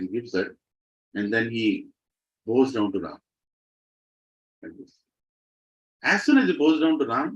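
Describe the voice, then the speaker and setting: A man telling devotional stories to a group, animated and asking the audience questions. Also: mid-range voice. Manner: lively, animated storytelling, asks audience questions. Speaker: devotional speaker. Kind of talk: devotional storytelling talk. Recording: slightly muffled recording.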